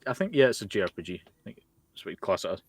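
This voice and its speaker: Scottish man, podcast co-host, blunt, sardonic, swears freely, low voice, dry close sound. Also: big pitch swings, very fast, husky, dry recording. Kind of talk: casual chat. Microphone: Discord voice call.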